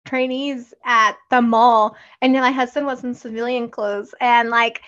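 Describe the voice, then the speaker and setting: A woman's voice: fairly high pitch, fairly even intonation, a little slow, a bit bright, highs cut off. A woman co-hosting a casual podcast as a military spouse, bubbly and giggly, often mimicking others.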